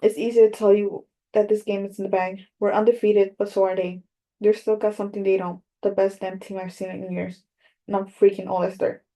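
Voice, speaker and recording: A woman narrator voices a gruff old coach with a thick Brooklyn accent in this storybook reading. He barks his words in a dark, mellow register with a flat, steady delivery. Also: medium pitch, fairly quick, natural voice. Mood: rousing.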